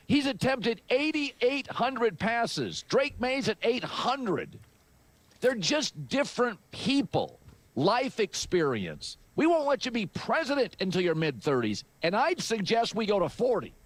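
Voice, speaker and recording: Man, sports commentator, measured, analogies, high lively voice, dry sound. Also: dry recording. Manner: measured, argumentative, uses analogies. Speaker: sports analyst. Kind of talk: played commentary clip.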